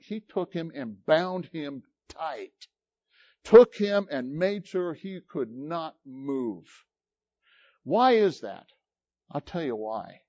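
Slow, dramatic male preacher. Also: a little high, darkish tone, no echo, lo-fi sound. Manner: dramatic storytelling with rising and falling emphasis. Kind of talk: sermon.

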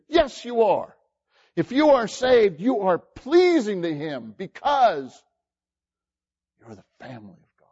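A man's voice: high voice, big pitch swings, unhurried, a little mellow. A man preaching a sermon with emphatic rhetorical questions, often repeating words. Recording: dull lo-fi sermon recording.

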